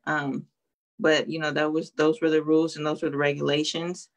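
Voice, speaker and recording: A young woman on a video call, earnestly telling her story as an interview guest and often pausing with ums. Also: deep voice. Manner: earnest, hesitant with many ums. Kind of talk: emotional interview testimony.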